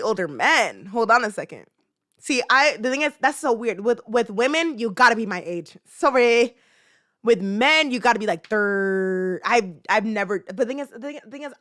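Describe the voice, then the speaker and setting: A woman in her twenties hosting a casual podcast, rambling emotionally and swinging from loud outbursts to low muttering. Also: no room sound, studio quality. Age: 20s. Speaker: podcast host. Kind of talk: casual ranting chat.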